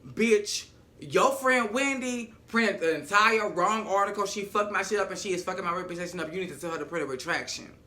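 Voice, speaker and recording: A man playing a blunt, fiery teen girl who confronts everyone head-on and curses freely. The voice is high and bright and talks fast. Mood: defiant. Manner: confrontational, cursing.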